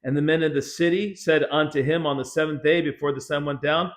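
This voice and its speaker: A man's voice: on the high side, fairly quick, few pauses. A man pastor teaching a casual Bible study, conversational with joking, sarcastic asides.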